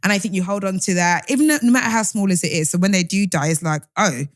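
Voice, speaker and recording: Fast-talking young woman, candid. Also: mid-range voice, dry recording, clean studio sound. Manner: rambling, candid, restarts often. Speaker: podcast co-host. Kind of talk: casual chat.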